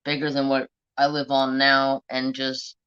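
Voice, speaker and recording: A man hosts a live craft stream in a bright, forward voice, chatting bluntly and swearing freely. The talk is loose and chatty. The audio is dull and lo-fi. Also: medium pitch, monotone, unhurried, smooth. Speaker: craft livestream host. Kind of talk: casual live-stream chat.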